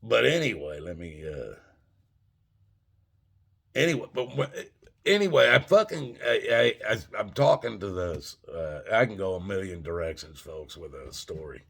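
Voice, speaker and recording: Older guy, husky scratchy voice, rambling casual story, cussing and chatting to the folks watching. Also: low-pitched, big pitch swings, unhurried, fairly bright tone. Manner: loose, profane, talks straight to viewers as "folks". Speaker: vlogger telling a story.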